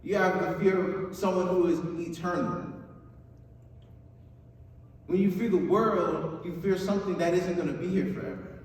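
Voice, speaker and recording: A man's voice: high voice, fairly even intonation, moderate pace, pauses often, a little mellow. A young man preaching a youth sermon in an upbeat, chatty way, often checking in with his listeners. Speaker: youth pastor. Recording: echoey hall, mic far off, faint noise.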